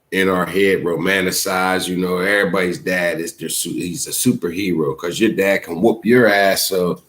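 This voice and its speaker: A man hosting a show, speaking in a heartfelt, preachy casual monologue with a habit of saying "man" often. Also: deep voice. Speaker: host.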